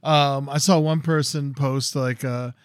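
A man's voice: mid-range voice, steady tone, measured pace, clear, resonant tone, dry recording, studio quality. A man co-hosting a podcast in casual chat, rambling with many fillers. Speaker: podcast co-host.

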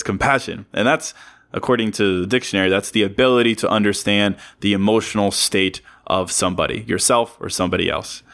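A man's voice: lowish voice, a little fast, creaky, a bit bright. A man hosting a podcast, giving a casual, earnest motivational talk with repeated phrases and small joking asides. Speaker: podcast host.

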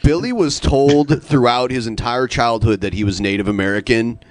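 A man's voice: medium pitch, moderate pace, dry recording. A man co-hosting a podcast, chatting and laughing easily. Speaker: podcast co-host. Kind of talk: casual chat.

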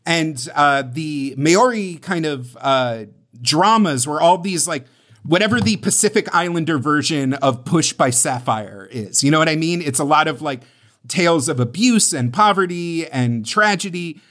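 Rambling man, slightly high voice. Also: expressive, unhurried, fairly bright tone. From United States. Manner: rambling, many fillers and restarts. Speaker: podcast co-host. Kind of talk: casual podcast chat.

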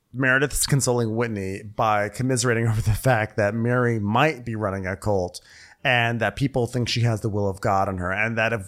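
A man's voice: mid-range voice, fairly bright tone. A man co-hosting a podcast, rambling through a reality-show recap with frequent laughter and fillers. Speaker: podcast co-host. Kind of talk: casual recap chat.

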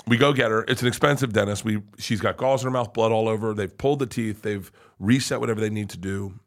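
A middle-aged man telling a long story as a podcast guest, cursing freely and swinging from hushed to loud. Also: lowish voice, fast talker, few pauses. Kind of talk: casual storytelling.

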